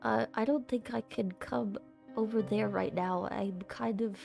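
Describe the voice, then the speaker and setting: A woman's voice: mid-range voice, fairly even intonation, creaky, a little mellow, faint music behind, pitched above the performer's own voice. A woman doing a shy, frightened little boy. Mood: nervous. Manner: hesitant, halting.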